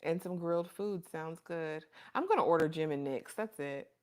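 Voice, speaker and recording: Her voice sits low, smooth and darkish in tone, at a moderate pace. She's a livestream host in a casual setting, reading viewer comments and chatting fondly, with plenty of honey and baby thrown in.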